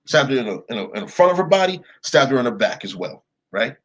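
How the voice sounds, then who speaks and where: A man's voice: medium pitch, very animated, fast, a bit bright, poor audio. A young man telling a story in a casual, profane rant, leaning on "yo" and "right?" for emphasis. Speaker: commentator. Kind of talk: casual ranting monologue.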